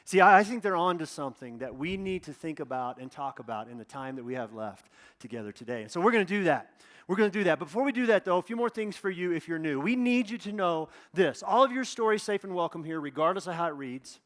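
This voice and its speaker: Breathless upbeat male pastor, high voice. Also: quick pace. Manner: energetic, chatty, joking asides. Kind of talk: church welcome and sermon opening. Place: church auditorium.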